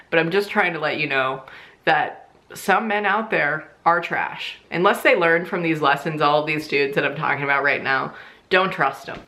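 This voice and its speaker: A young woman vlogger telling a casual storytime, animated and laughing often, swearing freely and squealing high on quoted lines. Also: gravelly.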